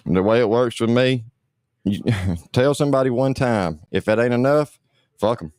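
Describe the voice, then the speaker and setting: A man's voice: mid-range voice, expressive, moderate pace, a little mellow, no room sound, clean studio sound. A man hosting a livestream, ranting bluntly with lots of swearing and repetition. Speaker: livestream host.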